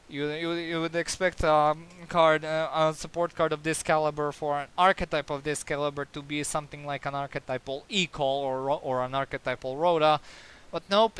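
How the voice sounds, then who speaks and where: A man's voice: on the high side, fairly bright tone, clean tone. A man giving a casual card game review, sarcastic and exasperated, with many fillers and restarts.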